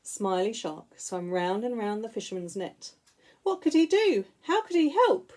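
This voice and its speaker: Slow, sing-song woman reading a storybook. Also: medium pitch, animated, darkish tone. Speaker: school teacher. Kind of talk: reading picture books aloud to young children.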